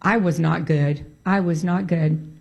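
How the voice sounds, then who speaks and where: A woman telling a personal testimony in a casual, conversational way. She is animated and emphatic, and she repeats key points to stress them. Her storytelling breaks into prayerful exclamations. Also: on the low side, measured pace, vocal fry, breathy edge, highs cut off.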